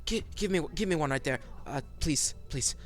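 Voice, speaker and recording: A man's voice: a little high, expressive, moderate pace, natural voice. A man voicing a drow elf craftsman father who talks in flustered, grumbling bursts and sighs over his absent wife. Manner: flustered, sighing, muttering complaints.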